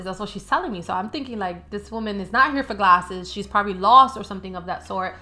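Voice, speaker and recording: A woman's voice: mid-range voice, fast, pushed and bright. A woman, a life coach, telling a personal story in a casual, chatty way full of fillers. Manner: chatty, filler-heavy, with many likes and you-knows.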